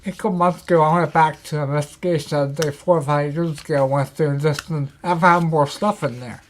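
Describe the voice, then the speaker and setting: A man, a guest on a talk show, telling paranormal stories in casual chat, animated and acting out quotes. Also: a little high, brisk, slight background noise. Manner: animated storyteller, acts out quotes.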